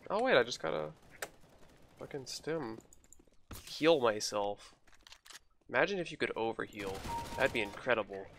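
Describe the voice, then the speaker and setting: A man's voice: mid-range voice, gravelly, a bit bright, slight background noise. A man hosting a gaming video, joking and trash-talking in casual commentary while he plays. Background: game gunfire and keyboard clicks.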